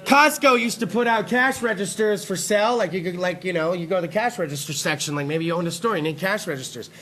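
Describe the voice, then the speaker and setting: A man hosting a live internet talk show, telling a profane, rambling, excitable comedic rant. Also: high-pitched, fast talker.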